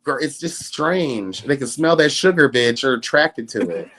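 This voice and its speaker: A man's voice: mid-range voice, normal speed. A man from Atlanta, hosting a casual chat and telling sassy, slang-filled stories. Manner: sassy, animated, full of slang and exclamations. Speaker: host.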